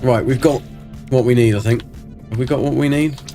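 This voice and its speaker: A man's voice: mid-range voice, steady tone, a little fast, warm tone, faint music behind. Chatty man streaming a game. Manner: chatty, answers chat and mutters to himself while playing. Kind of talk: casual live game stream.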